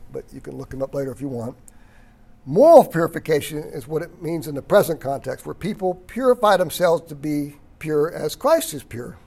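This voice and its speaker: Throat-clearing man teaching Bible study. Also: fairly high pitch, mellow. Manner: often clears his throat, restarts phrases, reads quotes aloud; emphatic on key words, occasional chuckle.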